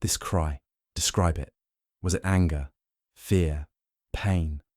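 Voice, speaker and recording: A man voicing a shrewd older male detective who asks measured, pointed questions in an audiobook. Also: deep voice, fairly even intonation, a little mellow, no echo, clean studio sound. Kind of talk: audiobook narration.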